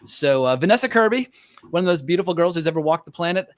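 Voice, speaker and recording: A man's voice: a little high, lively intonation, fast talker, no room sound. A man hosting a casual podcast chat, opinionated and rambling, with plenty of fillers. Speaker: podcast host.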